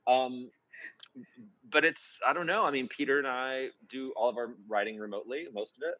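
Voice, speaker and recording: A man's voice: medium pitch, normal speed, dry recording, lo-fi sound. A man who writes musical theater, chatting in an interview and rambling through many restarts and fillers. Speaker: musical theater composer and lyricist. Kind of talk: casual interview chat.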